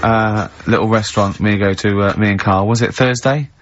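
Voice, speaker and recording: A man with an English accent hosting a radio show, telling anecdotes in lively casual banter and laughing a lot. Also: fairly quick. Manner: lively storyteller, laughs often, high-pitched giggle. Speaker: radio host. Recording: dull lo-fi radio broadcast.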